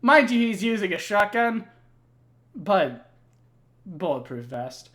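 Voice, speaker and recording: A man's voice: high-pitched, sing-song, takes it slowly, a bit bright. A young man casually recounting video game lore, rambling and swearing, with plenty of fillers. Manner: rambling, profane, many fillers. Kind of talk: casual chat.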